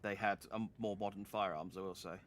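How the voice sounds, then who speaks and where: A man giving animated, joking let's-play commentary as a gaming streamer. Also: lowish voice, fast talker, slight background noise.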